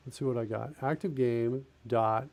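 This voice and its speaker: A man streams a live coding session, thinking aloud as he types and correcting himself in casual narration. His mid-range voice holds a fairly even intonation at normal speed, with a crowd audible in the background.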